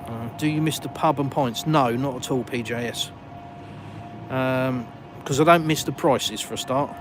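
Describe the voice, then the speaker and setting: A man's voice: medium pitch, normal speed. A man with a southern English accent, hosting a live stream outdoors and chatting casually with viewers in a self-mocking way. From England. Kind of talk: live stream chat, reading comments. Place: outdoors in a village, walking. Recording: noisy outdoor phone stream. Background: passing cars and street noise.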